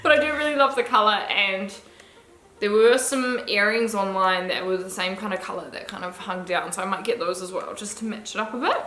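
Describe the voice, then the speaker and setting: A woman's voice: medium pitch, fairly quick, sharp tone, reverberant. A young woman, chatting casually and gushingly through a clothing try-on haul, swearing now and then. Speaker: fashion vlogger.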